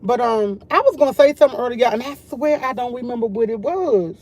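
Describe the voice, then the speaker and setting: A woman's voice: a little high, expressive, brisk, darkish tone. A woman hosting a casual morning livestream, chatting and rambling directly to her viewers. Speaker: livestream host.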